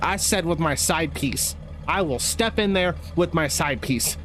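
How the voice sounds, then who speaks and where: A male gaming streamer talks in an unhurried, drawn-out way, his voice sitting a little high for a man. He chats casually and sounds animated and incredulous, breaking into laughs. A faint hum of background noise runs under his voice. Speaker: live-stream gaming host. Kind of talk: casual live-stream chat.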